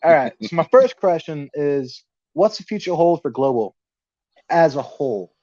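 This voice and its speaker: A man's voice: on the high side, animated, moderate pace, warm tone, no echo. A young man hosting a casual podcast livestream, nervous and laughing as he reads out viewer comments. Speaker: podcast host. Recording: dull, lo-fi dry sound.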